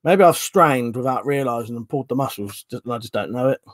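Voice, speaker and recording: A man's voice: medium pitch, expressive, fast talker, no echo. A man hosting a casual livestream, rambling and chatty as he reads out chat messages and swears offhand. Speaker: livestream host reading chat.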